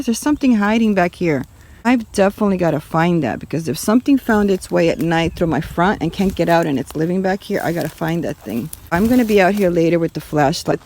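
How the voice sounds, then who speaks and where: A homestead vlogger with a medium-pitched voice films herself walking around her rural property outdoors, talking casually to her viewers in a vlog to camera. The recording is rough.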